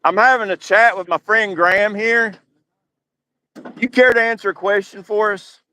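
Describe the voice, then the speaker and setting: A man hosting a casual comedic chat, excitable and quick to exclaim. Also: high voice. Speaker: host.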